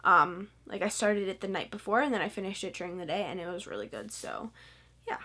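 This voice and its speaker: A woman's voice: mid-range voice, lively intonation, a little fast, pushed and bright. A teenage girl chatting in a casual, gushing way about books she read, with lots of "like" fillers. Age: teen. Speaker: book vlogger. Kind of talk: casual book review vlog.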